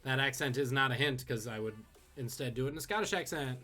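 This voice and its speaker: A man hosting a live-streamed trivia quiz, reading questions and tossing in quick joking asides. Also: mid-range voice, expressive, fairly bright tone, soft background music. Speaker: trivia host.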